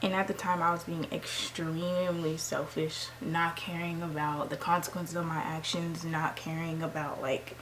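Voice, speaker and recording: A woman's voice: deep voice, normal speed, hardly any pauses, slight background noise, poor audio. Slangy young woman telling a story. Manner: animated, slangy, acts out quoted lines. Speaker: beauty vlogger. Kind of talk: casual storytime while doing makeup.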